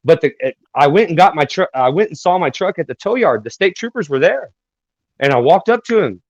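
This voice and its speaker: A man's voice: fairly high pitch, lively intonation, dry recording. Drawling man, dull dry sound. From Texas. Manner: rambling, halting, many fillers and restarts. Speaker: guest singer-songwriter. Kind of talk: casual storytelling interview.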